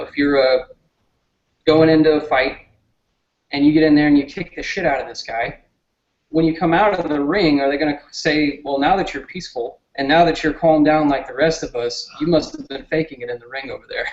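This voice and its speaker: Southern man, interview guest, earnest and low-key; echoey, muffled recording. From southern United States. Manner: earnest, toned-down delivery. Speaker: guest, political candidate. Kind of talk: casual interview talk. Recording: roomy, dull lo-fi sound.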